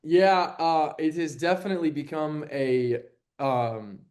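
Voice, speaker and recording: A young man from Texas, a sports anchor, telling stories as a guest on an interview podcast and acting out quotes in a higher voice. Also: a little slow. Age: young adult. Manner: animated storyteller, acts out quotes with a jump in pitch. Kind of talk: casual interview chat.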